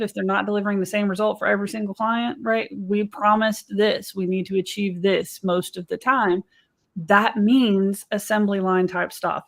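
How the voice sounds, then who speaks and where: A woman's voice: mid-range voice, gravelly. A middle-aged American woman, a podcast co-host and business coach, telling stories in a casual, chatty way. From United States. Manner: chatty, storytelling, says "right?" and "y'all".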